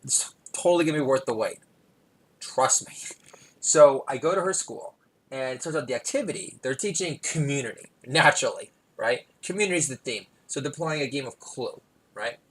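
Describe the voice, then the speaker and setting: A man hosting a comedy podcast, telling a digressive, self-deprecating story with bursts of loud emphasis. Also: medium pitch, animated, normal speed, breathy edge, poor audio. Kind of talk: rambling comic monologue.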